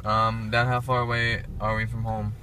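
A young man vlogging casually with his dad on a golf course, playful and quick to laugh. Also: fairly low pitch, level tone, sharp tone. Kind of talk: casual vlog chat. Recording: outdoor ambient noise.

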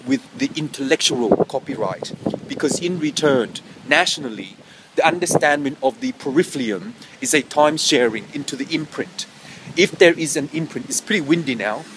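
A man's voice: on the high side, expressive, moderate pace, noisy background. A man talking to camera outdoors, rambling through invented technical jargon and stopping often to correct his own words. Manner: rambling, self-correcting, meows between phrases. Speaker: vlogger. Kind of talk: rambling pseudo-technical monologue. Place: outdoors in wind.

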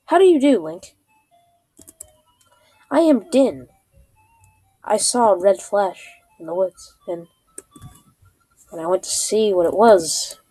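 A woman voicing a kind young female dancer from a video game, reading her lines in a bright, sing-song way. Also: medium pitch, husky, no echo, heavily acted.

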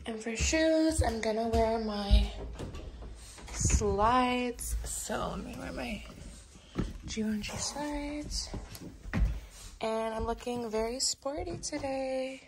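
A woman's voice: a little high, slow pace, gravelly. A young woman chatting casually in a home vlog, bubbly and gushing, with frequent "like" fillers. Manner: bubbly, gushing, uses "like" often. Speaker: lifestyle vlogger. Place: at home, indoors. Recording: noticeable background noise.

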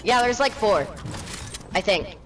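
A young woman gaming with a friend, hesitant and nervous, often speaking quietly. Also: mid-range voice, lively intonation, a little slow. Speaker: gamer. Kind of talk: gameplay chatter. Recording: noisy game audio behind.

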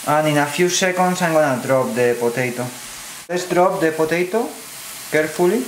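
Man, Spanish accent, slow careful cooking demo, fairly high voice, echoey kitchen, faint sizzling pan. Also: animated, slight background noise. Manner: slow, careful, non-native phrasing with fillers. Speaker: cooking channel host. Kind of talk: step-by-step cooking demonstration. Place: home kitchen.

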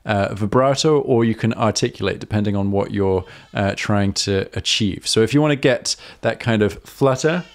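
Relaxed male harmonica teacher on a live stream, fairly low voice, lots of ums. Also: normal speed, few pauses. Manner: chatty and self-correcting, with many ums and uhs.

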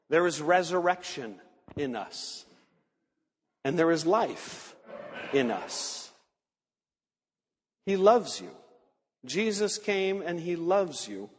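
A man with a high, light voice preaches a sermon in a church sanctuary. He tells stories earnestly and slows down on the words he wants to land. His voice rings out with a long hall reverb behind it. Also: husky. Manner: earnest storytelling, slowing for emphasis. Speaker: pastor.

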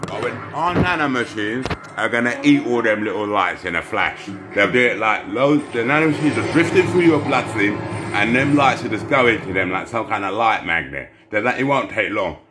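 A man's voice: lowish voice, lively intonation, moderate pace, background noise. A man, vlogging into a handheld phone and rambling in an agitated way. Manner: agitated, rambling, with sudden jumps up and down in loudness. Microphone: phone held in hand. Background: TV show playing with music.

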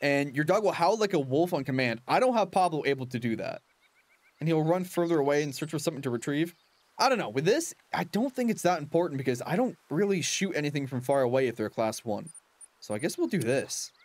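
A young man talks through a hunting game in a loose, chatty way, laughing and cheering on his virtual dog. His voice sits a bit high for a man. His pitch swings widely as he reacts. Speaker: gaming channel host. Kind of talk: casual gameplay commentary.

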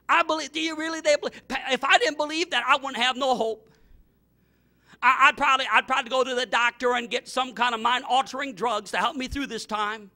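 A middle-aged male pastor preaching a fervent sermon, repeating himself and breaking into sudden loud outbursts. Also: very high voice.

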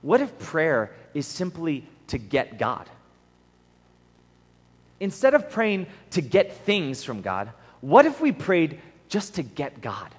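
A man giving a conversational sermon at a camp, telling stories in an animated way and acting out the voices he quotes. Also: a little high, slow, slightly rough. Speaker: camp speaker, preacher. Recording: long hall reverb.

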